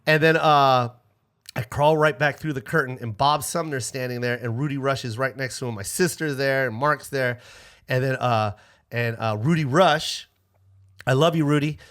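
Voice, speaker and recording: A middle-aged man, a comedian guest, telling a story in a lively, profane way and acting out other people's lines. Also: mid-range voice, moderate pace. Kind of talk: casual storytelling.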